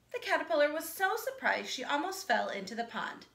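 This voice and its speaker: A woman teacher reading a children's picture book aloud, animated and asking her listeners questions. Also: mid-range voice, fairly quick, creaky, few pauses. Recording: echoey room.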